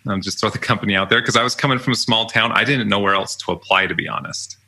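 A young podcast guest tells stories about his college jobs in a casual, chatty interview, often laughing. His voice is on the low side, pushed and bright, and he talks fast.

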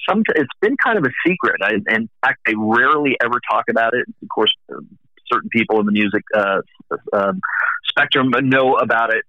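A man's voice: mid-range voice, sharp tone, dry recording. Rambling middle-aged man, dull dry sound. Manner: rambling anecdotal storyteller. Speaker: music industry guest. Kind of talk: casual conversation.

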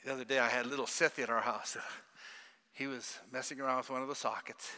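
An older man preaching a sermon, emphatic and animated, questioning the congregation. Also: medium pitch, fast talker. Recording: long hall reverb.

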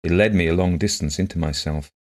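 A man narrating a classic short story in a measured, literary way. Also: deep voice.

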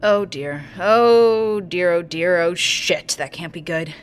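A woman's voice: low-pitched, expressive, moderate pace, fairly bright tone. Woman playing a sardonic, hungover wisecracker. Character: wry, hungover woman watching over others.

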